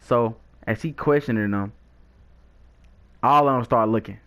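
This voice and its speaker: A young man telling a lively, slangy storytime with frequent laughs, chatting while he plays a video game. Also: mid-range voice, a little slow. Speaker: gaming YouTuber.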